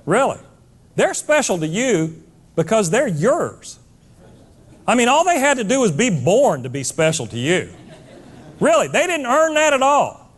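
A middle-aged man giving a live motivational talk, emphatic and preachy, building to near-shouts. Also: extremely high pitch. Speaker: motivational speaker.

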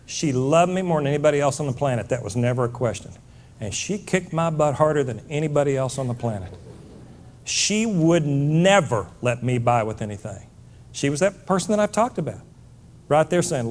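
A middle-aged man giving a live motivational talk, emphatic and preachy, building to near-shouts. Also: mid-range voice, animated, normal speed. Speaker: motivational speaker.

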